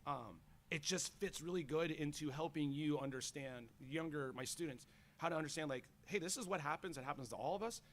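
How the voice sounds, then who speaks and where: Animated man telling stories. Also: fairly high pitch, fairly quick, slight background noise. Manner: animated storyteller, many fillers. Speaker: guest, college teacher. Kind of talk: casual radio interview chat.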